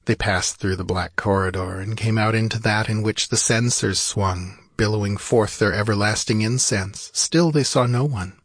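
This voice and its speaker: A man giving a steady, measured scripted narration of a fantasy story. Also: fairly low pitch, no room sound, studio quality.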